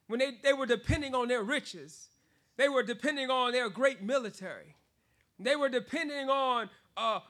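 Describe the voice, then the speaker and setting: A man preaching a sermon in an animated way. He laughs often between phrases and repeats words for emphasis. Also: very high-pitched.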